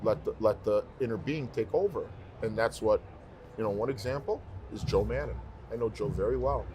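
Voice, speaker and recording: Male singer as interview guest, low-voiced, emphatic rambling storyteller, faint noise. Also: normal speed. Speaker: professional singer, podcast guest. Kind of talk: casual interview talk.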